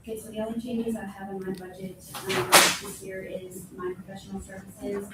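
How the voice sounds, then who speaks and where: A woman's voice: mid-range voice, normal speed, very noisy. Woman in an echoey meeting room. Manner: plainspoken, matter-of-fact, self-correcting. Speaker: county clerk. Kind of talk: budget presentation at a public meeting. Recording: very echoey room from a distant mic.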